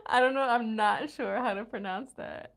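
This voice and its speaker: A woman's voice: fairly high pitch, unhurried. An American woman hosting a casual night-time livestream from home, chatting with viewers, trying out foreign words and laughing often. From United States. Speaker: livestream host.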